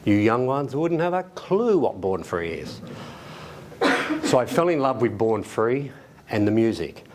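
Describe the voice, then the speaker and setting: A middle-aged Australian man telling a casual anecdote, animated and laughing as he acts out the people in his story. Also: mid-range voice, a little slow, noisy background. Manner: animated, acts out quoted voices, laughs often. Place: library event room.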